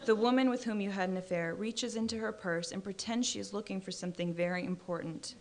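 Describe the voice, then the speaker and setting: A woman reads her own short fiction aloud in a measured, dry narrating voice. Her pitch sits in a comfortable middle range. The delivery is steady and unhurried. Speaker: author reading her fiction. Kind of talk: literary reading.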